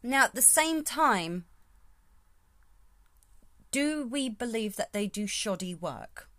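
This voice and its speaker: A woman's voice: fairly high pitch, animated, takes it slowly, fairly bright tone, no echo. A woman hosting her podcast in a casual, rambling solo talk, thinking aloud as she goes. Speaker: podcast host.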